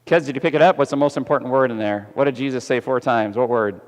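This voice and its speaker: A man preaching a sermon as pastor, animated and putting questions to the congregation, kids included. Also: medium pitch, quick pace. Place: church sanctuary. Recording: echoey church hall.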